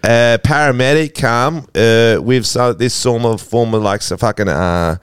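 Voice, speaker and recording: A man's voice: mid-range voice, unhurried, clear, resonant tone, no echo, clean studio sound, close to an everyday voice. Man doing a rambling crude English bloke. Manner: rambling, swearing, fumbling for words. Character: crude rambling English man, a brother giving bad news. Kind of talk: improvised comic voicemail bit.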